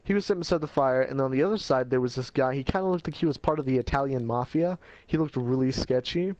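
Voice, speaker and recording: A man's voice: mid-range voice, quick pace, darkish tone, no echo, lo-fi sound. A man telling a casual life story in a rambling, slangy way, laughing at himself as he goes.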